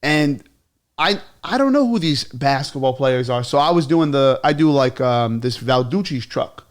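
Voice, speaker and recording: A man, a comedian, telling stories in a casual chat, animated and quick to laugh, swearing freely. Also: mid-range voice. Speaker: comedian guest.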